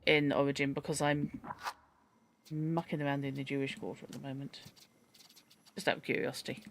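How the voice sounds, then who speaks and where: Over a noisy background, a mid-range, flat voice goes a little fast as a streamer rambles through let's-play commentary. The chat drifts between dictionary readings, thoughts on word origins, remarks on character appearance, and an exclamation at a cat.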